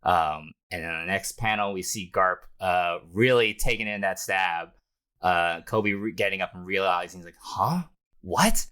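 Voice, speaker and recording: A podcast co-host with a low, clear, resonant voice recaps a manga chapter casually at a moderate pace. He's animated, laughs a lot, and acts out the dialogue from the panels.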